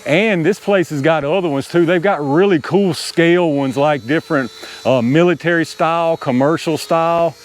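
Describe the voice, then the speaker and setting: Guy outside talking y'all through flying his toy heli, excitable, laughs at himself. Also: on the high side, moderate pace, slight background noise. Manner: excitable, talks to viewers as "y'all", laughs at his own panic. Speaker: RC hobby video host. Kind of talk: casual running commentary while flying. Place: outdoors, small open area.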